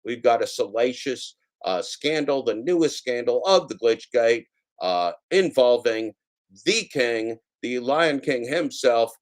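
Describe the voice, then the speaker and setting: A man's voice: mid-range voice, lively intonation, measured pace. A man hosting a casual reaction stream, commenting on clips with playful, jokey mock warnings to his viewers.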